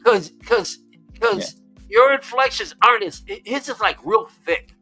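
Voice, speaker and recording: An American man hosting a stream, talking in a casual, animated way that keeps repeating words. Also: high voice, a little slow, faint music behind. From United States. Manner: animated, excitable, repeats words, laughs often. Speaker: stream host. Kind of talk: casual chat.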